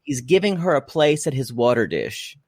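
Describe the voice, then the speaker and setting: A man co-hosting a comedy podcast from home, with bawdy, sarcastic banter. His voice swings widely in pitch. The recording is dry and close. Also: sing-song, normal speed, breathy edge, no room sound. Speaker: podcast co-host. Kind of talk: casual comedic recap chat. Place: apartment room at home. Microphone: podcast microphone.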